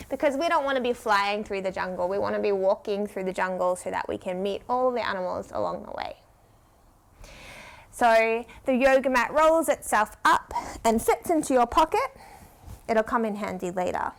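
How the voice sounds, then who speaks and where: A woman guiding children through a yoga story, playful and encouraging, asking them questions and drawing out her instructions. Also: a little high. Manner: slow, drawn-out instructions. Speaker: kids yoga teacher.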